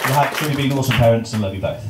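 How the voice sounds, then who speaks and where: An English groom gives his wedding speech, joking and poking fun at himself. His mid-range voice races over loud music. The recording is roomy and distant, with heavy crowd noise in the reception venue.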